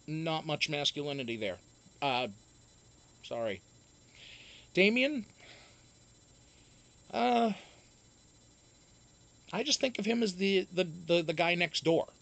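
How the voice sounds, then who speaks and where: A man's voice: fairly high pitch, animated, slow pace, pauses often, a bit bright. A man chatting casually on a live stream, reading viewer comments aloud and answering them in a rambling, profane way, with many restarts. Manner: reads and answers viewer chat.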